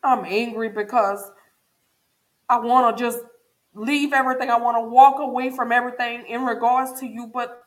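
A woman's voice: on the high side, fairly even intonation, moderate pace. A grieving woman talks openly and earnestly to her viewers in an emotional personal check-in, repeating phrases for emphasis. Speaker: vlogger.

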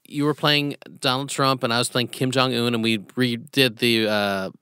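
Bright-voiced man, deadpan podcast host. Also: mid-range voice, normal speed, clear, resonant tone, no room sound, clean studio sound. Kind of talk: casual podcast chat.

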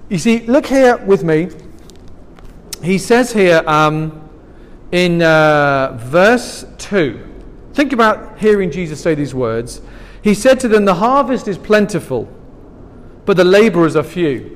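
A man preaching a sermon, animated and emphatic, swinging between loud and hushed. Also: high voice, slow pace. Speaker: pastor. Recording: long hall reverb.

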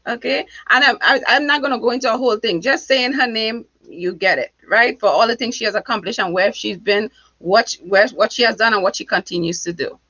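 A woman with a non-American accent, a relationship expert speaking as a guest in a casual interview, animated and quick to laugh. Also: fairly high pitch, dry recording, highs cut off. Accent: foreign accent, not American. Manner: animated, laughs often, tells stories.

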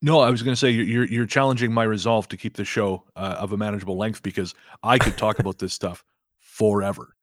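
A man's voice: on the low side, steady tone, a little fast, dry recording, studio quality. A man answering as a podcast guest, talkative and frank. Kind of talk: casual interview chat.

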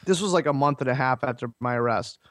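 A man telling a story as a podcast guest, rambling and filler-heavy, with animated retelling. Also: mid-range voice, fast, no room sound, studio quality. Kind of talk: casual storytelling.

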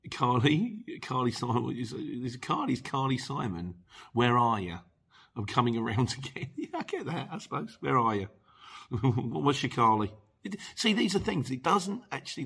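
A man's voice: mid-range voice, a bit bright, husky. A man, a channel host chatting casually and rambling as he reads out viewer comments.

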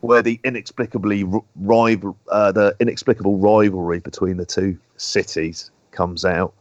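A man's voice: on the low side, steady tone, moderate pace, no room sound, muffled recording. A man with a London accent, co-hosting a podcast in rambling casual chat and swearing now and then. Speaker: podcast co-host.

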